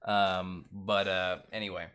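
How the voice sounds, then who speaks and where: With a deep, smooth voice, flat delivery and measured pace, a man hosts his own reality TV recap channel. His tone is bright and forceful as he loosely recaps an episode, leaning on filler words and strong opinions.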